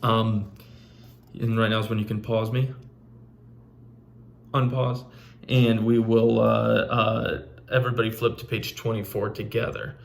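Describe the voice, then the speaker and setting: A man's voice: fairly low pitch, little pitch movement, measured pace, gravelly, long pauses. A man teaching a recorded literature lesson in a casual way, with frequent fillers and restarts. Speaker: English teacher.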